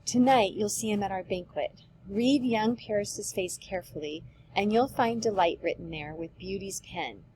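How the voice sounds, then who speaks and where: A woman's voice: medium pitch, darkish tone, a little hiss or hum, natural voice, poor audio. A woman voicing a firm, matter-of-fact noble mother, reading a play aloud. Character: noble middle-aged mother, firm and businesslike.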